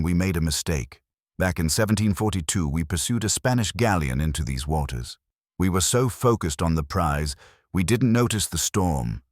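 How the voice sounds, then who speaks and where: A man's voice: sits low, no room sound, studio quality. A man voicing a courtly undead sea captain. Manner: polished, courteous, quietly menacing. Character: suave ghost captain of an 18th-century British warship. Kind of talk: scripted horror narration.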